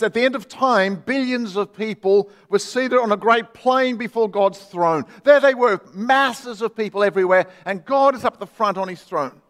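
A man's voice: high voice, a bit bright, big-room sound. A man preaching a sermon as pastor, earnestly telling a story and reading quoted voices aloud.

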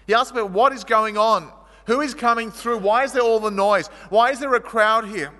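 Bright-voiced preacher in a hall. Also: male voice, moderate pace. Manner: storytelling, shifting from vivid and loud to quiet and low. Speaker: pastor. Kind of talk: sermon.

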